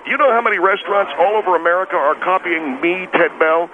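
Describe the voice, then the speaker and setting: A man's voice: sits high, fast, lightly acted. A man voicing a blustery, touchy steakhouse owner who calls in, boastful and easily flustered. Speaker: caller. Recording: tinny phone line with faint hiss.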